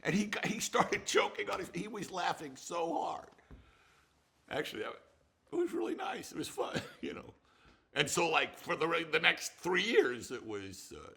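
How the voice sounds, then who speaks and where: A man's voice: fairly high pitch, big pitch swings, normal speed, vocal fry, sharp tone, husky. An older man, a film director, telling rambling stories in an interview with frequent restarts and some swearing. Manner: rambling, profane, with restarts and laughter. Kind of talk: reminiscing interview.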